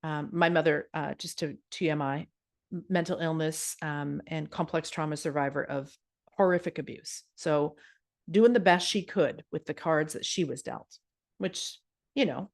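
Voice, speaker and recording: Brief: middle-aged woman, lowish voice, frank storytelling host, casual and candid. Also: moderate pace. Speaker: podcast host and yoga teacher. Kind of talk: personal storytelling monologue.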